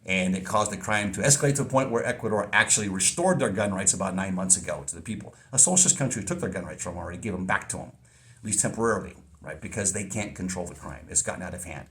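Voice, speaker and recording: A middle-aged man with a deep, fairly bright voice talks at a quick pace. Hosting a podcast, he delivers a casual, rambling monologue, repeating words and often restarting.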